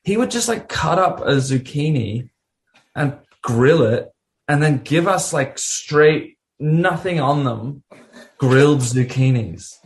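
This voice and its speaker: A man's voice: on the high side, lively intonation, slow pace. A man from Australia with an Australian accent, rambling as a podcast guest with lots of filler words and laughter. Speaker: guest musician. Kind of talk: casual podcast chat.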